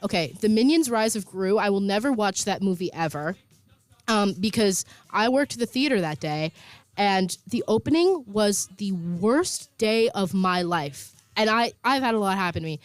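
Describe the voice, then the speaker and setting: A woman's voice: mid-range voice, animated, normal speed, no echo. A woman in her twenties co-hosting a student radio show, chatting casually with frequent laughs and fillers. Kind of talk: casual on-air chat. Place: college radio studio.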